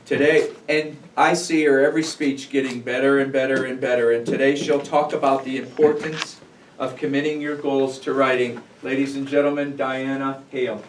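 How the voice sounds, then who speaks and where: A man's voice: mid-range voice, little pitch movement, moderate pace. Upbeat man emceeing in an echoey room. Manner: upbeat, chatty, laughing at himself. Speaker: meeting host introducing speakers. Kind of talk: casual emceeing. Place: meeting room. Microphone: room mic from a distance. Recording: echoey room, distant mic, background noise.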